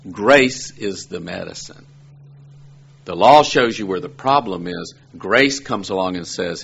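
Gravelly, husky male preacher, lo-fi. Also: sits low, fairly bright tone. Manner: conversational, asks rhetorical questions, rises to emphatic peaks. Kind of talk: sermon.

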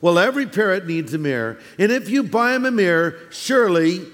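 A man's voice: sits high, big pitch swings, a little fast, fairly bright tone. A pastor voicing a patient male pet shop owner in a joke, matter-of-fact and reassuring. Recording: long hall reverb in a church.

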